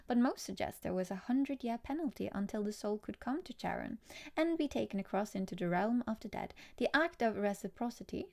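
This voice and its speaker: A woman's voice: mid-range voice, a little mellow. A young woman reading cards on a casual livestream, chatty and easily distracted, laughing often as she talks to viewers. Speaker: tarot card reader.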